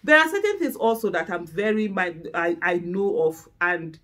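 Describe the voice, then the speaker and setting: Openly emotional Nigerian woman, loud laugh. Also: fairly low pitch, expressive, moderate pace. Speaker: host. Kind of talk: candid chat to camera.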